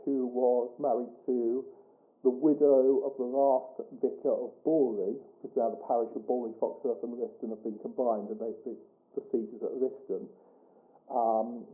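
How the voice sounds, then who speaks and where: A man with a Suffolk accent tells stories to an audience in a loose, rambling way. He trails off and corrects himself in chatty asides. His mid-pitched voice comes through thin and phone-like. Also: little pitch movement, normal speed. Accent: Suffolk English. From Suffolk, England. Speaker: guest speaker. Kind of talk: storytelling talk to an audience.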